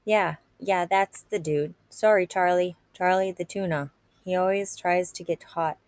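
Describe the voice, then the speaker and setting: A swaggering teenage boy bully needles his target with mocking questions, as a woman reading a novel aloud voices him. The voice sits low and teasing. It is plain storybook read-aloud. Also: steady tone, unhurried, darkish tone, dry recording. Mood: taunting. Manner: taunting, teasing.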